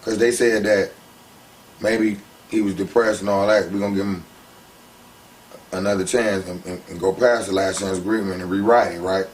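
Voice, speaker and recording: A man in a casual interview telling his story in an animated, slangy way. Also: low-pitched, moderate pace, recorded from a distance, a little hiss or hum. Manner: animated, slangy, heats up when retelling conflicts.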